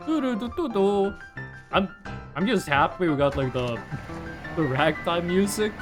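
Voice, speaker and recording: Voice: mid-range voice, lively intonation, measured pace, faint music behind. A streamer from Norway with an American-sounding accent, rambling chattily through casual game commentary with lots of likes. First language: Norwegian.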